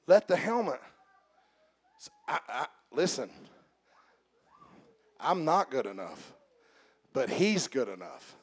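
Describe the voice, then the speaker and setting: A man preaching a sermon to a congregation, talking to them directly with humor, shouting and slowing down for emphasis, then dropping to quiet asides. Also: mid-range voice, wildly swooping pitch, breathy edge.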